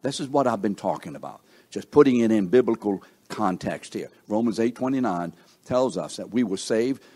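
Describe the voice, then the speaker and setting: A middle-aged man preaching a sermon, slow and emphatic, asking the congregation rhetorical questions. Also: animated, warm tone. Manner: slow, emphatic preaching with wide swings in pitch and volume.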